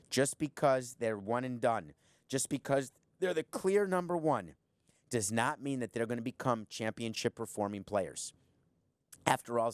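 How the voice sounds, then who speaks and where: A man's voice: medium pitch, no room sound. Middle-aged male host, punchy and sarcastic commentary monologue, dry studio sound. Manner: sarcastic, emphatic, talks straight to the viewer. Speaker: show host, former team owner. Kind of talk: opinionated sports commentary monologue.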